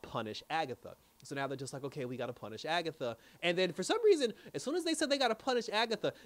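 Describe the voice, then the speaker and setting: A man casually recapping a TV episode in an animated way, laughing often and acting out the characters' lines. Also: sits high. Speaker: TV episode reviewer.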